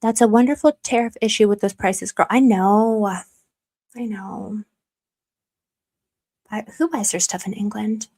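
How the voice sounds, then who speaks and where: A young adult woman hosting a livestream in casual, chatty talk, animated as she answers viewer comments. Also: mid-range voice, measured pace, long pauses, slightly rough. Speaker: livestream host. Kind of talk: casual chat.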